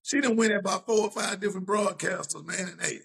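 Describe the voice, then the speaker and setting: A man's voice: high-pitched, quick pace, gravelly, a bit bright, breathy edge. A man co-hosting a talk show in a laid-back, slangy, opinionated chat. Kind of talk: casual podcast chat.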